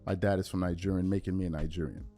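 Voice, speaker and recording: A man's voice: low voice, steady tone, rapid-fire, warm tone, faint music behind. A man from the United States with a Bronx accent, hosting a heated commentary monologue, emphatic and repetitive, rising to indignant outbursts. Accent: New York (Bronx). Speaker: show host.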